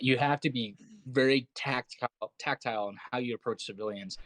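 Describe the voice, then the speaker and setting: A man's voice: medium pitch, fairly quick, fairly bright tone, no echo, low-quality recording. A man, a military veteran co-host, talking bluntly and profanely in casual chat. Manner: blunt, profane, matter-of-fact.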